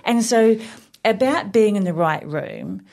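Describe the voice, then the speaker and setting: A woman in her forties chatting on a radio show, talking loudly with bursts of laughter. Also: medium pitch, unhurried, vocal fry. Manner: loud, animated, bursts of laughter. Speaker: business owner guest. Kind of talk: casual radio chat.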